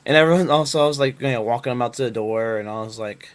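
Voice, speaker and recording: A man's voice: mid-range voice, quick pace. Young guy from Northern Kentucky, casual webcam storyteller, loose and rambling. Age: young adult. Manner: rambling, filler-heavy, laid-back. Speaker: vlogger.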